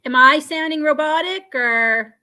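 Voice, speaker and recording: Chatty high-voiced woman hosting a live stream. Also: unhurried, pushed and bright. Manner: chatty, laughs often, filler-heavy. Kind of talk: casual live-stream chat. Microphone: video call.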